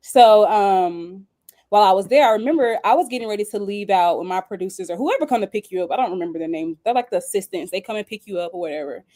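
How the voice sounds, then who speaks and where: A young woman, a singer and songwriter, telling a story in a casual interview, animated and laughing often. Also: medium pitch, quick pace. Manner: animated, squeals when acting out quoted dialogue.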